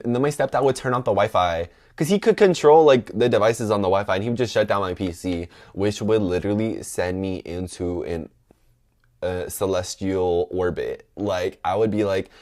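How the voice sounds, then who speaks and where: A young man telling a story in a casual chat, sassy and dramatic, laughing often and full of fillers. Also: moderate pace. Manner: animated, laughing, mimics others in high-pitched voices. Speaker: podcast host telling a story.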